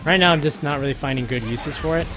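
Guy streaming a fighting game, kinda high voice, mutters to chat then gets loud, music going behind. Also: fast talker. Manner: muttering to himself while testing moves, bursts of loud excitement. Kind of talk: casual live stream commentary.

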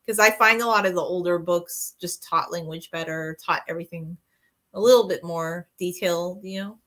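A soft-spoken woman in casual conversation, chatty and agreeable. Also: fairly low pitch, normal speed. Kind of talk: casual chat.

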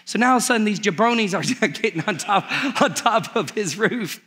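Male pastor, high voice, animated comic storytelling in a church sermon. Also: fairly quick, slightly rough. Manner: animated storytelling, acts out the characters with humor.

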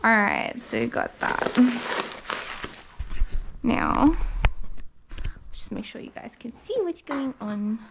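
Gushing slow-talking young woman vlogger. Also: fairly high pitch, lively intonation, vocal fry, background noise. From Australia. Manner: gushing, swears often, slow-paced. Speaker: car vlogger. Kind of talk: excited unboxing vlog.

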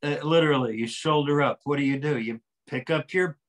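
A man's voice: a little high, a little fast. An older man, a translator interviewed about his work, explaining eagerly and quoting passages aloud. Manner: animated, explains with examples and quoted readings. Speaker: author and translator, interview guest. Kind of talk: conversational interview.

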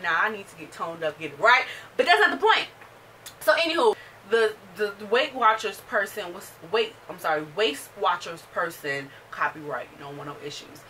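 A woman talks through a TV episode in a casual, animated way, jumping into the characters' lines as she retells them. Her voice is bright. She sits a little back from the mic, and faint noise runs behind her. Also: mid-range voice, recorded from a distance. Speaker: show reviewer. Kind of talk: casual chat, recapping an episode.

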